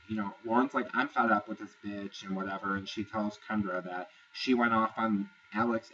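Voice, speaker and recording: A man's voice: lowish voice, bright, forceful tone, distant mic, lo-fi sound, slight background noise. A man casually recapping a reality show episode, chatty, gossipy and profane. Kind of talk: casual review vlog.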